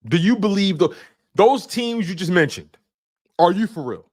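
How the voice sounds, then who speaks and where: Guy hosting a live sports show, high voice that jumps all over, ribbing the chat, aave. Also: moderate pace. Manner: animated, teasing chat readers by name. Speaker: sports podcast host. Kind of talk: casual live stream talk.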